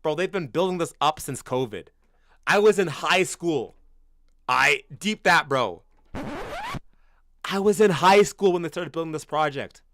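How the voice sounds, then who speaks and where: A little high and animated, this man's voice is unhurried and pauses often, with no echo. A Canadian in his twenties, he streams as a football fan and reacts to viewers in casual, blunt, slangy chat, calling everyone bro, swearing freely, and getting loud and incredulous in bursts.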